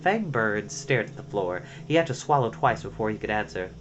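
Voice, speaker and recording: A man's voice: fairly low pitch, lively intonation, moderate pace, dull audio, background noise. A man reading a children's novel aloud with dramatic expression. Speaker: storyteller. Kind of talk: storybook read-aloud. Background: music.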